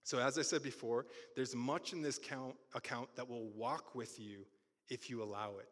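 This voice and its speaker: Animated preacher in a reverberant hall. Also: male voice, mid-range voice, moderate pace. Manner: animated storytelling with sudden loud bursts. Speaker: pastor. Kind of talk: sermon.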